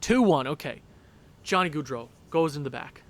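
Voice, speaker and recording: A young man commentating a hockey video game with a worn-out voice, yelling and repeating himself at big plays. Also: fairly high pitch, expressive, moderate pace. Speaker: gaming YouTuber. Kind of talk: excited play-by-play over a hockey video game.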